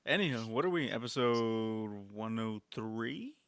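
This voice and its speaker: Animated man telling a story, casual. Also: mid-range voice, unhurried, smooth, no room sound. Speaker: podcast co-host. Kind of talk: casual chat.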